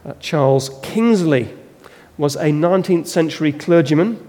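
Male preacher, slightly high voice, unhurried dramatic storytelling, big reverberant hall. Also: animated, warm tone. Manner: slow, dramatic storytelling delivery. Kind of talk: sermon. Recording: long reverb of a large hall.

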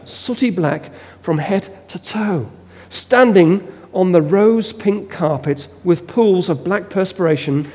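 Male preacher, slightly high voice, unhurried dramatic storytelling, big reverberant hall. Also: a little mellow. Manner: slow, dramatic storytelling delivery. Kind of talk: sermon. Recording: long reverb of a large hall.

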